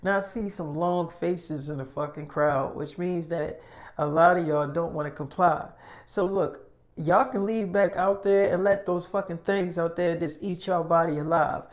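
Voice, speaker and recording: A man's voice: fairly high pitch, fairly even intonation, moderate pace. A man improvising a role-play story in a casual, profane, slangy way.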